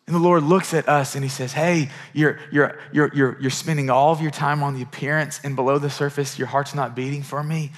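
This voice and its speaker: A man's voice: on the high side, steady tone, fairly quick, hardly any pauses. A middle-aged male pastor preaching a sermon in a conversational, earnest way, often repeating words as he builds a point.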